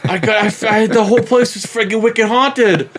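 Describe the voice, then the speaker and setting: A man's voice: high-pitched, fairly even intonation, moderate pace, background noise, voice pushed up, lightly acted. A man putting on an exaggerated mock New England accent as a brash, chummy local guy. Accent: mock Boston.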